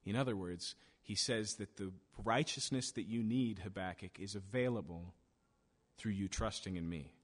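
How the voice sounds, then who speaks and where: A man's voice: lowish voice, normal speed. A man preaching a sermon in storytelling fashion, acting out quoted voices as he builds intensity. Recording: long hall reverb.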